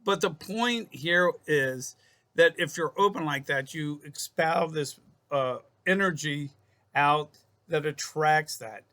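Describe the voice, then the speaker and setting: A man's voice: on the high side, slow pace, bright, forceful tone. A man speaking as a psychologist in a casual self-help talk to camera. He rambles, repeats and restarts his phrases, and calls his viewers folks.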